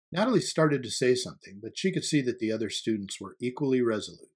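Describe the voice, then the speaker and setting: A man reading a story aloud as audiobook narration. His delivery is steady and even-paced, at a middle pitch for a man. His voice has a husky, breathy grain.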